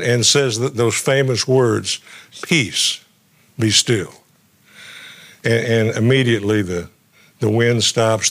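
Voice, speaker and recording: A man's voice: mid-range voice, a bit bright. A middle-aged male guest pastor preaching a sermon in a conversational way, often stumbling and repeating his words as he goes.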